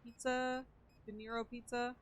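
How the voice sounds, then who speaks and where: A woman's voice: fairly high pitch, flat delivery, normal speed, slight background noise. A young woman streaming a game, chatting casually to her viewers and muttering counts and item names as she plays. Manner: chatty, muttering counts and items while playing. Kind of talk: casual gameplay streaming chat.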